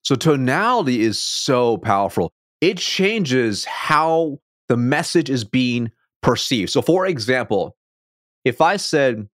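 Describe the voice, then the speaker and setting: A man being interviewed as a sales coach, a self-described fast talker who stumbles and restarts his words, speaking over a video call. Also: medium pitch, sing-song, dry recording, clean studio sound. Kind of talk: conversational interview.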